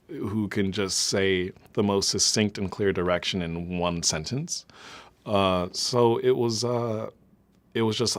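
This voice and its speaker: A man's voice: lowish voice, a bit bright. A man, an actor, chatting in a press interview, laughing often and filling his talk with "like". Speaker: actor in the film.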